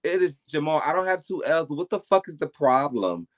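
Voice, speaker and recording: A man's voice: on the high side, big pitch swings, fairly quick, a crowd in the background. A man, a podcast guest, telling stories in casual interview chat with a blunt, emphatic and profane manner.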